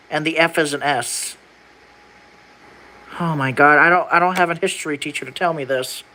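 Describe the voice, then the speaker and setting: Bright, slangy young streamer sounding words out. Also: medium pitch, low-quality recording. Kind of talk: casual livestream chat while reading an old document aloud.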